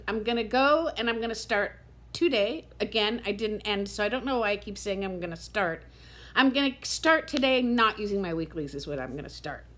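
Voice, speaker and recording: A woman in her fifties chats candidly to her camera in a casual vlog, her voice sitting a little high. She sounds tired and close to tears, but she keeps talking openly and frankly. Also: a bit bright. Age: 50s. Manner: candid, chatty, emotional, near tears. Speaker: vlogger.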